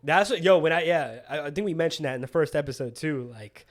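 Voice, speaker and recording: Male podcast co-host, slightly high voice, laid-back and joking. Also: fast talker. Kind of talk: casual chat.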